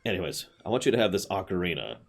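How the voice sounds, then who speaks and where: A man reading the lines of a gentle young forest girl saying goodbye, in a soft, quiet, wistful voice. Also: deep voice, sing-song, racing, creaky, full character voice.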